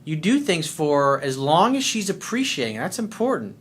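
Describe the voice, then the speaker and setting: A man's voice: fairly high pitch, very animated, moderate pace, husky. Blunt profane male dating coach. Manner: blunt, profane, acts out little scenes. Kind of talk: answering a listener's letter.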